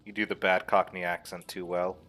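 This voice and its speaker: Sarcastic low-voiced man commenting on gameplay. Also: little pitch movement, brisk, fairly bright tone, faint music behind. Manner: sarcastic, joking. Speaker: gaming channel host.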